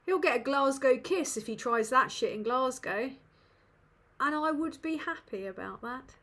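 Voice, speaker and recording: A woman's voice: high voice, lively intonation, normal speed, fairly bright tone. A woman from England, hosting a live Q&A in a sweary, self-mocking, rambling way. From northern England. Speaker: livestream host. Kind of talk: casual live Q&A chat.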